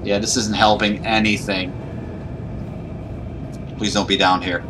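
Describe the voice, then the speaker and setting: A man's voice: lowish voice, flat delivery, unhurried, background noise. A man giving nervous, panicky running commentary while playing a horror game. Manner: nervous, panicky self-talk. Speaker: gaming YouTuber.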